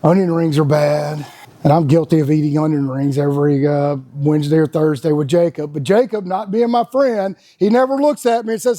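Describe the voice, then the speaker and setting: A man's voice: a little high, steady tone, fairly quick, mellow. A man, talking in a casual, blunt, folksy monologue as a podcast host. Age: 50s. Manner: folksy, blunt, laughs often.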